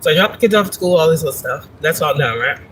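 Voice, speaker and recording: A woman's voice: deep voice, lively intonation, fast, a little hiss or hum, rough recording. A woman hosting a casual livestream from her parked car, chatting, swearing and laughing as she tells a story. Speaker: spiritual reader and livestream host.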